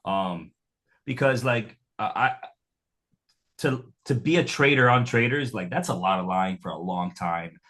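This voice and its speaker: A young man, a firefighter guest on a podcast, telling stories in a blunt, lively way. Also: fairly low pitch, a little slow. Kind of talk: casual chat.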